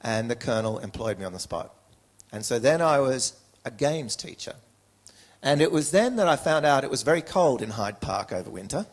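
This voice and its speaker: A middle-aged Australian man, an educator, telling stories from his past as a guest in an interview, lively and anecdotal with frequent self-corrections. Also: medium pitch, moderate pace. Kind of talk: storytelling in an interview.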